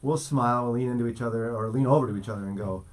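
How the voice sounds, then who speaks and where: A man's voice: mid-range voice, rapid-fire. A man hosting a casual morning show, teasing his co-host and telling stories. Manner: teasing, storytelling.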